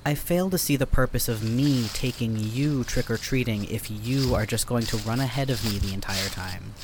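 Casting: a man playing a deadpan, formal, sardonic companion, mid-pitched, audio drama. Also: moderate pace, very noisy, natural voice. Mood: dry. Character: dry, sardonic, verbose male companion.

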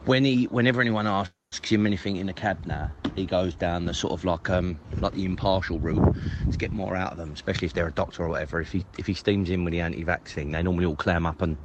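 Bloke with a low voice, telling a story, lots of ums and false starts. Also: male voice, fairly even intonation, fast, hardly any pauses, muffled recording, a little hiss or hum. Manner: hesitant, many ums and restarts. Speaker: guest retelling a story. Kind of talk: casual storytelling.

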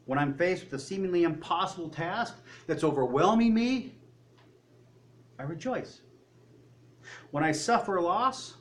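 Preacher guy, kinda high voice, gets loud then drops low, bit of room hum behind. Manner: emphatic, swings between loud high peaks and low quiet asides. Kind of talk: sermon.

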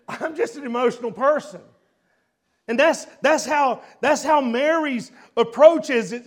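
A middle-aged man preaching a sermon with emotion, swinging between loud passages and hushed ones. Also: very high voice.

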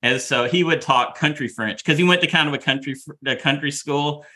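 Middle-aged podcast guy, bright tense voice, keeps repeating himself in casual chat. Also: fairly high pitch, fairly quick. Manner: rambling, repeats words while talking. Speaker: podcast co-host.

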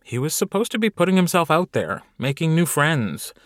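A man reading an audiobook with wry, lively storytelling. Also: fairly high pitch, normal speed, no room sound, clean studio sound. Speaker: audiobook narrator. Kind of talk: scripted narration.

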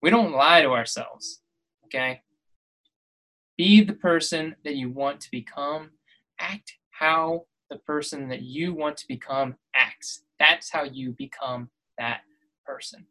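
A podcast host speaks directly to his listeners in a motivational monologue, preaching and exhorting as he repeatedly drives his voice to emphatic peaks. His voice is a little high, pushed and bright, and unhurried, captured on a low-quality recording.

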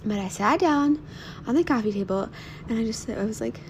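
A young woman hosting a reflective devotional talk from home, soft and earnest, often dropping to a near-whisper. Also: fairly high pitch, a little fast, slight background noise. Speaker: podcast host.

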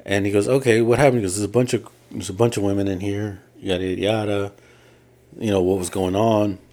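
Low-voiced rambling male podcast storyteller. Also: flat delivery, fairly quick, dark tone. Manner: rambling storyteller, quotes people in his own voice. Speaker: podcast co-host. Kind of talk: casual chat.

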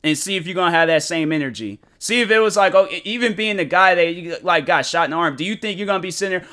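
A man's voice: high voice, lively intonation, fast, few pauses, fairly bright tone. A man hosting a solo podcast, arguing his opinion in casual, slangy, emphatic and repetitive speech. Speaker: podcast host.

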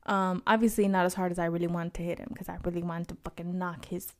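A young woman co-hosting a podcast, telling a personal story bluntly, with lots of profanity and animated retelling. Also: on the low side, fast talker. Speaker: podcast co-host. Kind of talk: candid casual chat.

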